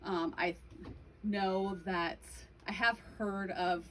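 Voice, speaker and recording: A woman's voice: medium pitch, fairly even intonation, slow pace, a bit bright, slight background noise, rough recording. A young adult woman giving a casual presentation to an audience, chatty, with frequent "um" and "like". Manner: chatty, many fillers like "um" and "like". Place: bookstore event room.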